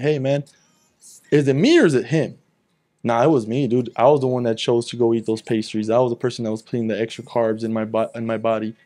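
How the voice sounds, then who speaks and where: A man's voice: mid-range voice, a little mellow. A young man in casual chat, telling a long story at a rambling pace, swearing freely and acting out what others said. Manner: rambling, swears freely, acts out quoted talk. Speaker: guest.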